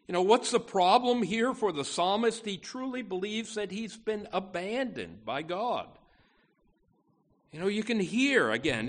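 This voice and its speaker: Slow, lively-voiced man preaching. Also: high-pitched. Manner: earnest, emphatic preaching with frequent restarts. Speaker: pastor. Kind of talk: sermon.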